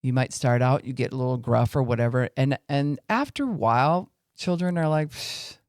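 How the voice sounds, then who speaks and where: A man's voice: medium pitch, brisk, darkish tone, no echo. Male podcast teacher, earnest, mid-range voice, dry recording. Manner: earnest, acts out angry and weary voices to illustrate. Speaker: Christian podcast speaker. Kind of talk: teaching talk on faith and family.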